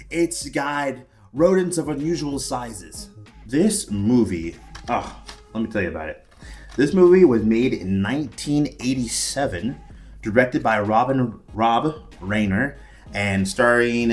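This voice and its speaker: A man's voice: on the low side, darkish tone. A young man reviewing a film in a casual, enthusiastic, rambling way, often restarting his sentences. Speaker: movie reviewer.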